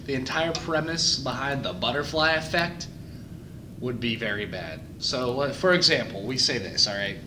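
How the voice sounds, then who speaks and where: A man's voice: medium pitch, normal speed. A young man, co-host of a casual chat, rambling with crude jokes and frequent restarts. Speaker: podcast co-host. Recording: echoey room with background noise.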